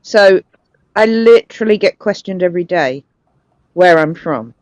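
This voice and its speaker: A woman's voice: lowish voice, animated, unhurried, darkish tone, no echo. Brief: woman, southern English accent, wry casual chat, dry close sound. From southern England.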